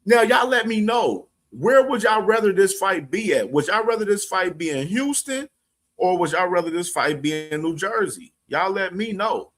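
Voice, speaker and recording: A man's voice: high-pitched, animated, moderate pace. A man hosting a casual boxing live stream, laughing often, slangy and profane, talking straight to his chat. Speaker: boxing show host.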